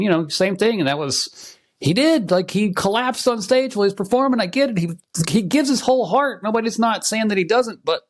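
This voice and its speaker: Man, podcast co-host, lively pitch, blunt casual movie talk. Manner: opinionated, animated, blunt.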